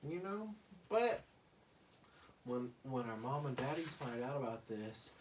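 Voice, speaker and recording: A man voicing a fretful little cartoon baby boy with a squealing, lively voice. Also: mid-range voice, measured pace, recorded from a distance, slight background noise, voice pushed down, poor audio. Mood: worried. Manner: worried, squealing.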